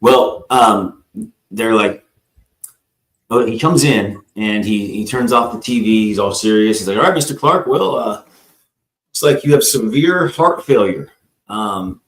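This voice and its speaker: Low-voiced man telling his story in a roomy echo. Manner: rambling storytelling, acts out the people in his story and addresses the host by name. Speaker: guest. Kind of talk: telling a personal story on a live talk show.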